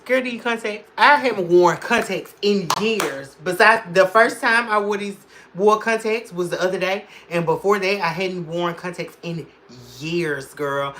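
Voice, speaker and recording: A woman's voice: fairly low pitch, a bit bright, slight background noise. A woman hosting a casual makeup livestream, chatting with viewers, answering their comments and laughing often.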